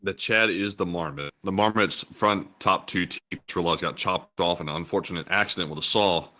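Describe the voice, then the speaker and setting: A man's voice: deep voice, normal speed, bright, forceful tone. A man co-hosting a casual livestream who reads donor messages in a laid-back, chatty way. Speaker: co-host. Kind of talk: casual livestream chat reading donations.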